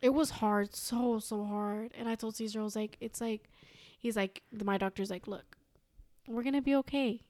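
A young woman telling a story as a podcast guest, animated and quoting herself and others. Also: mid-range voice, moderate pace, dry recording. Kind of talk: casual storytelling.

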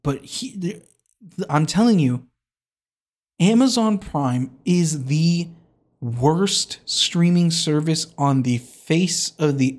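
A man's voice: fairly high pitch, a little mellow. A man hosting a podcast, delivering a comedic rant that is rambling and hyperbolic and keeps interrupting and restarting itself. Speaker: podcast host.

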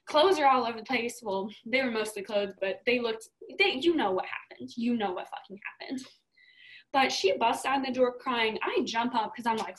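A young woman co-hosting a podcast, telling a story in a casual, animated way and swearing a lot. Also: on the high side, low-quality recording. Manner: animated, profane, emphatic storytelling. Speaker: podcast co-host.

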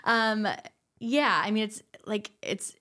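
A woman's voice: mid-range voice, slow pace, pushed and bright. A woman from Michigan hosting a podcast, chatting casually in a bubbly way. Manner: bubbly, frequent laughs. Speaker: podcast host. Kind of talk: casual chat.

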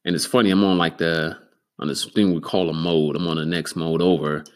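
A man hosting a solo podcast, rambling and cursing freely, sometimes getting excitable. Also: low voice, fairly quick. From Denver, Colorado. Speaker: podcast host. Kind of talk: solo casual podcast monologue.

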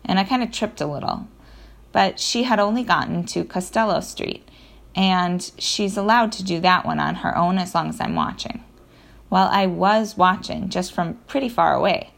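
Low, gravelly woman narrating a children's book. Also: moderate pace. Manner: lively storytelling with self-corrections. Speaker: audiobook narrator. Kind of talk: first-person children's audiobook narration.

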